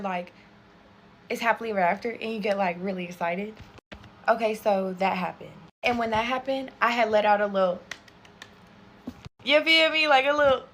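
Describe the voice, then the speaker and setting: A young woman telling a casual storytime while doing her makeup, animated and profane, talking straight to her viewers. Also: on the high side, slight background noise. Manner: animated, profane, chatty, addresses viewers as y'all. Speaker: storytime creator.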